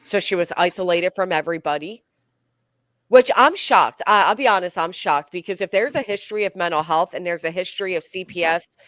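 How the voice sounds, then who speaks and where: Woman true-crime host, outspoken, indignant, fairly low voice, dry sound. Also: steady tone, fast talker, few pauses, fairly bright tone, dry recording. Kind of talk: casual true-crime chat.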